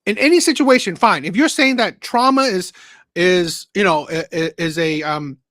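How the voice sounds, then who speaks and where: A man's voice: high-pitched, normal speed, fairly bright tone, no echo. A man hosting a call-in show, talking in a rambling way, repeating words and checking in with "right?". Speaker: host. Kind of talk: casual call-in commentary.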